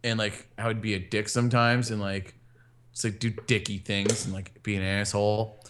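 A man's voice: fairly low pitch, level tone, normal speed, noisy background. A man co-hosting a casual podcast, telling rambling stories and acting out what other people said. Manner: rambling storyteller, acts out quotes. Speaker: podcast co-host.

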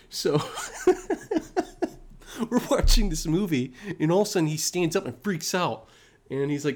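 A man's voice: fairly high pitch, expressive, normal speed, pauses often, darkish tone. A young man casually telling a story to a friend, giggling and often adding "right?" as he goes. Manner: giggly, repeats himself, frequent "right?".

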